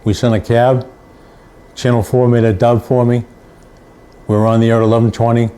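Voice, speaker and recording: An older male sports reporter spins his stories with an anecdotal, repetitive flow. His voice is mellow and dark. His pitch sits in an average range for a man. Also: level tone, normal speed. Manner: anecdotal, repeats phrases for emphasis. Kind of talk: storytelling.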